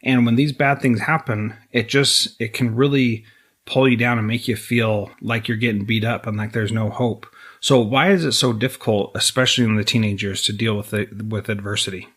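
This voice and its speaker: A man's voice: fairly low pitch, fairly even intonation, moderate pace, fairly bright tone. A middle-aged man hosting an interview podcast, talking earnestly about supporting teenagers. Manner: earnest, emotional at times. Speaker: podcast host. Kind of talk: interview conversation.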